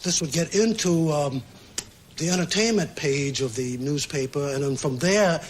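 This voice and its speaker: A man gives an archival interview, explaining at an easy pace and pausing often with ums. His voice sits fairly high for a man. Music plays clearly under his speech. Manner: relaxed, explanatory, with pauses and fillers.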